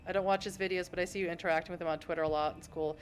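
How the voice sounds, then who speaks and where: A woman's voice: fairly low pitch, fairly even intonation, rapid-fire. A woman streaming a narrative game, reading its narration aloud and chatting with chatty, giggly joking asides.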